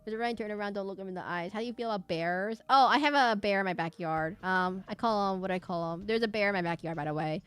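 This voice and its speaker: A woman's voice: mid-range voice, fast talker, hardly any pauses, fairly bright tone, smooth. Rambling, giggly young woman streamer. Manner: rambling, giggly, with frequent restarts and asides. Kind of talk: casual chat while streaming a game.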